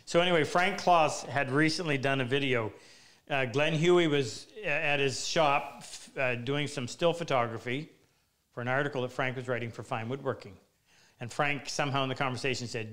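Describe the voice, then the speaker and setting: A woodworking teacher hosting a live Q&A, chatting in a self-deprecating way and rambling through anecdotes. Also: male voice, mid-range voice, moderate pace, fairly bright tone. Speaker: woodworking teacher and show host. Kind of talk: live Q&A, casual storytelling. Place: woodworking workshop.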